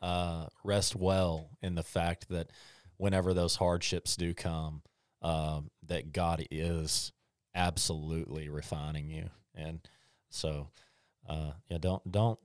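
A man hosting a casual faith podcast, talking in halting bursts with repeated words and easy laughs. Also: sits low, little pitch movement, no room sound, clean studio sound. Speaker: podcast host.

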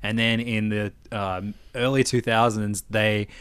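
A man's voice: lowish voice, steady tone, a little slow, fairly bright tone, clean tone, dry recording. A man with an Australian accent telling stories in casual chat, rambling with lots of fillers and restarts and swearing freely.

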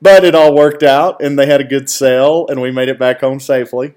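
A man joining in on a shared story in casual talk, calmly filling in details and chuckling now and then. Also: mid-range voice, a little fast.

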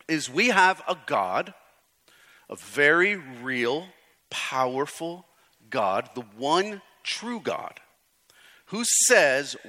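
A man's voice: fairly high pitch, bright, forceful tone. A man preaching a conversational sermon as pastor, with frequent restarts, in a large church hall. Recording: hall reverb.

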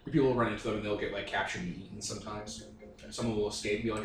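A man's voice: fairly low pitch, level tone, very fast, echoey room, a little hiss or hum. A man narrating as game master, rambling through descriptions with lots of fillers.

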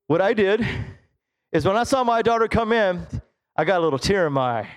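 Male pastor, middle-aged, very high voice, Pentecostal sermon, animated, low asides, shouted bursts. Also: a little fast, clean tone. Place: church sanctuary.

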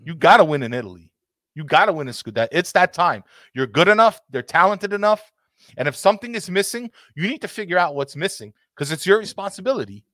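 A man's voice: high voice, animated, fast talker, a bit bright, no room sound, clean studio sound. A man hosting a casual football talk show, ranting passionately and swearing freely. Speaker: podcast host.

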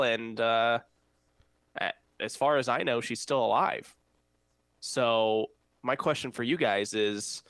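A man's voice: medium pitch, a bit bright. A man with a laid-back, slangy way of talking, leading a casual podcast chat. His voice is dry and close, with no room echo. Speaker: podcast host. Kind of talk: casual banter.

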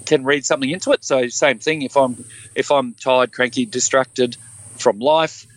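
A man of medium pitch speaks at a moderate pace, with no room sound in the recording. He's a former police officer in his fifties, appearing as a guest and telling candid, earnest stories from his life with animation, acting out the dialogue of the people involved.

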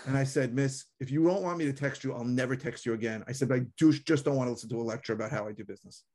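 A man's voice: mid-range voice, racing. A man, co-hosting a casual podcast conversation and telling stories animatedly, acting out callers. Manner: animated storyteller, acts out callers. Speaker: podcast co-host.

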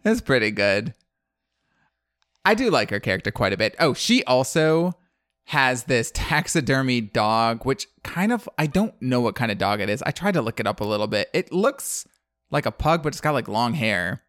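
A man's voice: mid-range voice, big pitch swings, normal speed, fairly bright tone, no echo, clean studio sound. A man casually recapping a film plot on a podcast, rambling and chatty with lots of "like.". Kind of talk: casual chat.

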